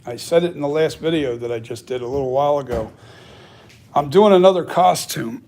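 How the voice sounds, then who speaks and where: A man's voice: on the high side, fairly quick, background noise. A man who makes costumes and masks, talking casually in a workshop vlog, thinking aloud and rambling with lots of fillers. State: has the hiccups. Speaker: costume and mask maker.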